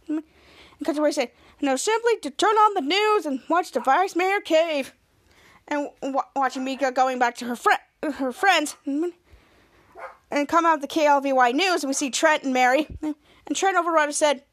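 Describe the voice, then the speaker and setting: Woman podcaster w a really high voice, dry room, recaps an episode and acts out the lines, lots of restarts. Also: a little fast, fairly bright tone, no room sound. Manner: retells scenes, acts out quotes with raised pitch, many restarts. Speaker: podcast host.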